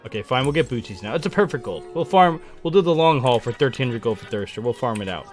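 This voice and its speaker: A young man giving playful, excitable live commentary on his own video game match, trash-talking and hyping himself up. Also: medium pitch, fast talker, soft background music. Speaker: gaming streamer.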